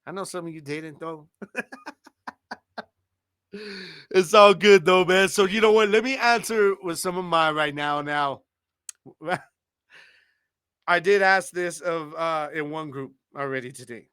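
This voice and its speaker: A man's voice: a little high, takes it slowly, pauses often, a bit bright, clear, resonant tone, no room sound, clean studio sound. A man in his thirties hosting a podcast, talking in laid-back, slangy banter and laughing often. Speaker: podcast host. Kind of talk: casual chat.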